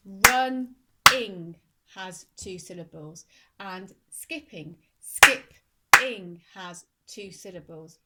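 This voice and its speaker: A woman teaching a phonics lesson to young children, speaking slowly and clearly and sounding out words syllable by syllable. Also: lowish voice, noisy background. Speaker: primary school teacher.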